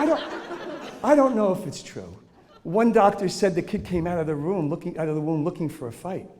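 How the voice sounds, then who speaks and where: A man's voice: a little high, a little mellow. A man giving a humorous lecture to teachers on children's behavior, joking, laughing often and acting out examples.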